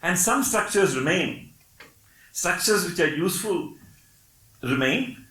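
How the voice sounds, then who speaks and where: Slow and expressive, with a high, bright, forceful tone, an older man gives a lecture in English marked by a Malayali accent; he is from Kerala, India, and Malayalam is his first language. His explanations are patient, peppered with "Okay?" and wry laughter. The low-quality recording is reverberant.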